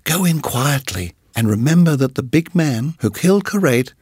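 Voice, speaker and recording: A man's voice: medium pitch, expressive, moderate pace, darkish tone, husky, dry recording, clean studio sound. A man voicing a cold, scheming female cobra who gives orders to her mate.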